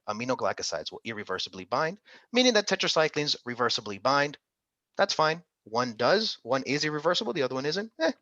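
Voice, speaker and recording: A man's voice: on the high side, bright, forceful tone, no echo, lo-fi sound. A man tutoring an interactive online medical exam class, upbeat and coaxing, calling on students by name.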